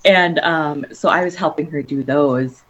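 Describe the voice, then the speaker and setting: A young woman casually telling a story with lots of fillers and lively quoted voices. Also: low voice, a little slow, highs cut off, crowd noise. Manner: chatty, filler-heavy, animated quoting of others.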